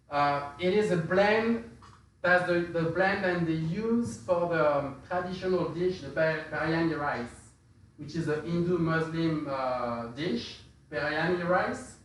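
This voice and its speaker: Male spice presenter, slightly high, hesitant and filler-heavy; very echoey, distant recording. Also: fairly bright tone, a little hiss or hum. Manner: hesitant, many fillers and restarts. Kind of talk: casual explanatory talk. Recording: very echoey room, distant from mic.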